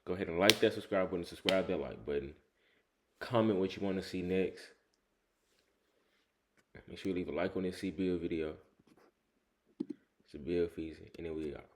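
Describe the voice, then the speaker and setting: A man hosting a reaction video, greeting viewers with loud, energetic slang. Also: deep voice, moderate pace, long pauses, a little hiss or hum. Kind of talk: casual hype intro.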